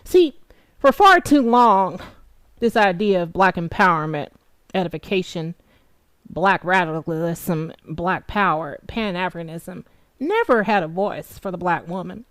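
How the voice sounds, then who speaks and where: A woman delivering an angry, profane vlog monologue, swinging from low mutters to shouted taunts. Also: expressive, unhurried, dry recording. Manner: sarcastic taunting, emphatic repetition. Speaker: political commentary vlogger.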